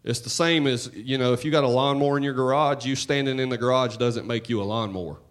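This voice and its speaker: A man preaching a sermon in church, talking to the congregation in a conversational, joking way and swinging between loud and hushed. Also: mid-range voice, steady tone, fast. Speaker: pastor.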